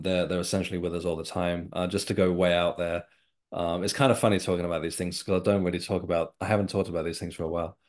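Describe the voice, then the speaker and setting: A man's voice: deep voice, darkish tone. A man from England, a guest in an interview, telling a personal story in a reflective, sincere way. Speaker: guest, author and developing medium.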